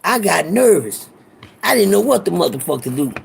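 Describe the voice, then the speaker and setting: A man's voice: sits high, sing-song, fairly quick, creaky, a little hiss or hum. A man telling a rambling, profane story from his past in a casual way, often repeating himself.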